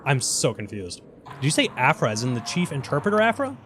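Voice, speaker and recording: A man hosting a let's play video, chatty and excitable as he reads out game text and reacts. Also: mid-range voice, fairly quick, slight background noise. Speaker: gaming channel host. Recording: game music in background. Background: game music.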